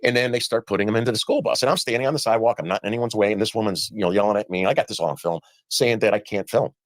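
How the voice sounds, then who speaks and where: A lowish male voice with no echo quickly tells stories of his experiences in a played interview, acting out the dialogue he quotes.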